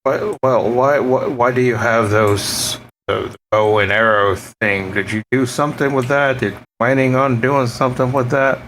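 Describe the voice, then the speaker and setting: A man's voice: mid-range voice, steady tone, fairly bright tone, rough recording. Young male player, hesitant and casual, slight noise behind. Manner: casual, halting, repeats words. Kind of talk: playing a tabletop game.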